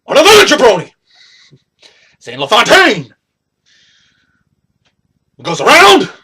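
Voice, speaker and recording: A young man delivers a boastful, taunting wrestling promo. His voice sits very high and bright, and it swings up and down as he drags out his slow trash talk. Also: slightly rough.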